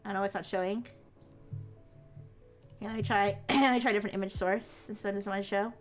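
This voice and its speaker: A woman's voice: medium pitch, steady tone, a little fast, faint music behind. A woman livestreamer chatting casually with her viewers, giggly and rambling with many restarts. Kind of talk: casual chat with stream chat.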